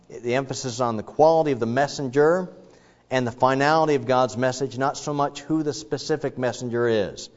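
A man preaching a conversational sermon, now and then rising to animated rhetorical questions. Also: mid-range voice. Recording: dull, reverberant hall sound.

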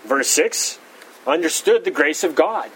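A man leads a verse-by-verse Bible study in an animated, unhurried voice that is fairly bright and slightly rough, though the audio is poor. He speaks emphatically, hitting key words with pitch jumps and often restarting his phrases.

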